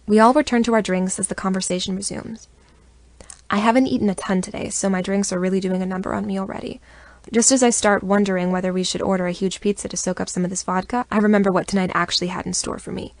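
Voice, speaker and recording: A young adult woman narrating a first-person audiobook in an expressive, even storytelling manner, on a close studio mic. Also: medium pitch, quick pace, no echo.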